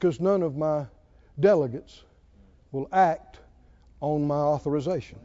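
A man preaching a sermon in a playful, chuckling way that builds to shouted calls to the congregation. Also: on the high side, unhurried, dull audio.

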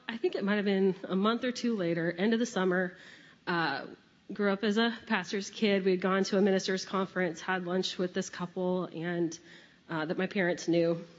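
Woman, chatty testimony, laughs often, long hall reverb, dull sound. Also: medium pitch. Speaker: church member sharing testimony. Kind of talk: personal testimony.

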